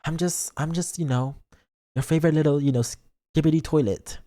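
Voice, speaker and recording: Chatting with his livestream audience as a vtuber, this young man reads comments in a slightly high, steady, dark voice at a normal speed. Playful and prone to theatrical fake outrage, he trips over words frequently.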